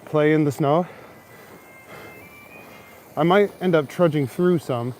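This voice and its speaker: Soft background music plays as a young man from Canada livestreams casually on a handheld phone camera, walking snowy city streets at night while chatting and answering comments. His voice is on the high side, slow, and a little mellow.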